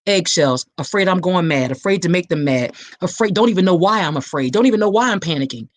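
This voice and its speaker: A podcast host and survivor advocate, speaking fast in an expressive, lowish voice, preaches with passion directly to her listeners. The setting is a live-streamed awareness talk where she reads comments.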